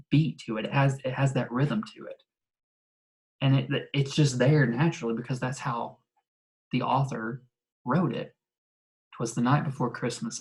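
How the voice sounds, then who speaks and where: A male English teacher walks his ninth graders through a recorded remote lesson. He explains in a relaxed, chatty way, full of ums, likes and restarts. His voice sits at a middle pitch for a man. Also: rough recording. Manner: casual, explanatory, many fillers and restarts.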